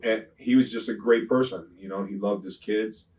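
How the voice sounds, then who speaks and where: A man's voice: fairly low pitch, normal speed, recorded from a distance, a little hiss or hum, low-quality recording. Rambling, profane older man wrestler. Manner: rambling, profane, frequent "you know what I'm saying"; grows loud and animated when retelling confrontations. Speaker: retired pro wrestler, interview guest. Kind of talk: shoot interview storytelling.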